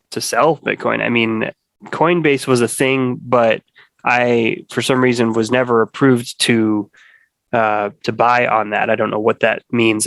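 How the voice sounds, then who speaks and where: A man's bright-ish, mid-range voice carries some vocal fry as he rambles through a casual conversation as a podcast guest. He often breaks off and restarts, filling gaps with fillers. Recorded close and dry, there is no room echo.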